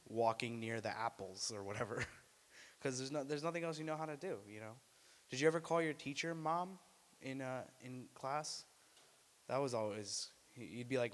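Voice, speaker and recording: A young man performing a stand-up comedy set at an open mic, deadpan, breaking into loud high put-on voices. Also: quick pace. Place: small student venue. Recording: live room with long reverb.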